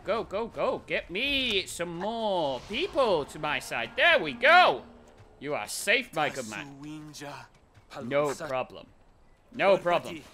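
A young man narrates his own gameplay in a high, bright, swooping voice, full of cheers, curses and baby talk for his animal companion. His talk is unhurried between bursts. A faint hum sits behind him. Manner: excitable, swears freely, shouts at his pet. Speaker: gaming video host. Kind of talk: excited let's-play commentary.

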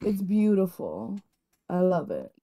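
A woman's voice: lowish voice, takes it slowly, no room sound. A young woman streaming a game with friends, swearing and trash-talking in casual voice chat. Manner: swearing, excitable, playful trash talk. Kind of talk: casual group voice chat while gaming. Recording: faint game music behind voice chat.

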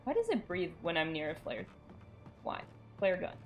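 A woman's voice: on the low side, moderate pace, soft background music. A woman streaming a game live, chatting with her viewers and reacting in sudden bursts and laughter at a desk microphone. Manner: animated, jumpy reactions, bursts of shrieks and laughter.

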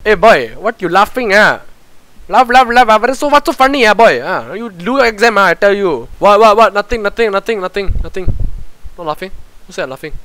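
A man's voice: high-pitched, lively intonation, a little fast, bright, forceful tone, no room sound, low-quality recording. A young man plays a nagging exam invigilator in a comic sketch, ending lines with lah and ah. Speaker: comedy sketch creator.

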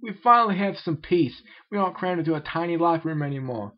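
A man's voice: on the high side, animated, quick pace, pitched above the performer's own voice, lightly acted. A man voicing a crude, irritable grown man who grumbles, in a muffled lo-fi recording. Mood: content. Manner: gruff, grumbling.

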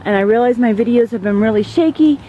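In this walk-and-talk vlog, a woman with a slightly high voice speaks fast as she climbs a neighborhood trail, somewhat winded and raving about the scenery. She's chatty, rambling, and easily impressed. The recording from her handheld camera, at times pointed away, sounds muffled with slight background noise.

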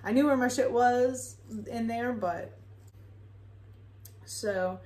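A woman's voice: a little high, slow pace, a little mellow. A young woman telling a rambling, casual story with lots of fillers and frequent swearing. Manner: chatty, rambling, swears freely, filler-heavy. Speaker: vlogger. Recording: echoey room.

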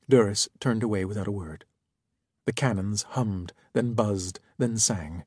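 Measured man narrating an audiobook. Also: fairly low pitch, darkish tone, husky, no room sound, clean studio sound. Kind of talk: first-person scripted narration.

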